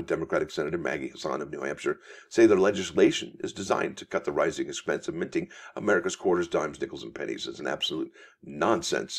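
A male coin channel host giving casual news commentary, reading articles aloud in a chatty, folksy way and calling his viewers folks. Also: a bass voice. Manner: reads articles aloud with asides.

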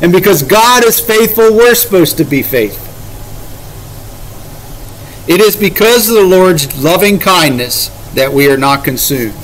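A man's voice: sits high, expressive, measured pace, long pauses, a bit bright, a little hiss or hum, rough recording. A man leading a casual Bible study, paraphrasing scripture in everyday words with emphatic, conversational delivery.

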